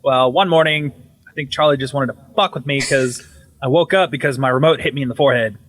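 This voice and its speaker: A man telling ghost stories on a podcast in an animated, profane, casual way. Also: mid-range voice, fast, poor audio. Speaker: podcast guest. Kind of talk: casual storytelling.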